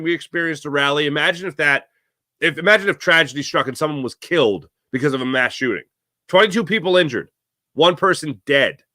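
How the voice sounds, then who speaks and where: An American man hosting a sports talk show, speaking in a conversational, animated way with frequent restarts. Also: medium pitch, no room sound, studio quality. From United States. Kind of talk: solo sports talk commentary.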